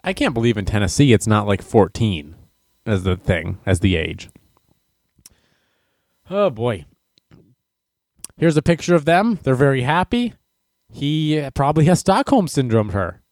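A man hosts a comedic news commentary, ranting and sarcastic as he works himself up. His pitch swings widely with lively animation. The recording is dry and close, with no room sound. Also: a little slow, pauses often, no room sound. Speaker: host of a news commentary show.

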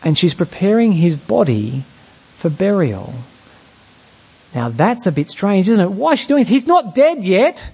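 A man's voice: sits high, sing-song, unhurried, a little mellow, husky. A man preaching a sermon, often putting rhetorical questions to his congregation.

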